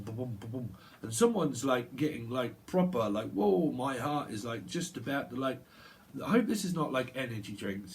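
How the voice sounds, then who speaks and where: Guy doing a tarot reading, rambles on, repeats little sounds, middle pitch. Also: a little hiss or hum. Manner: stream-of-consciousness, repeats sounds, laughs to himself. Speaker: tarot reader. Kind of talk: rambling intuitive tarot monologue. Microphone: solo video recording.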